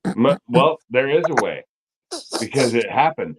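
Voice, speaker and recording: A man's voice: mid-range voice, lively intonation, a little slow, noisy background. Blunt man swearing through casual chat. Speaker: guest on a car livestream.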